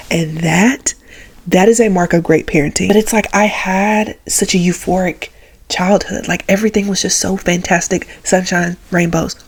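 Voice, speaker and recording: A woman's voice: lowish voice, breathy edge. Chatty woman telling family stories. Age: 20s. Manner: chatty, filler-heavy, emotional. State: tearful. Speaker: vlogger. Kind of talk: personal storytelling vlog.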